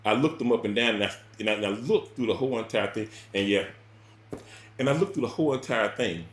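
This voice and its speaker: A man telling a personal story in casual spoken style, rambling and repeating words, with sudden loud bursts and quiet drops. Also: on the low side, animated, quick pace, echoey room, slight background noise.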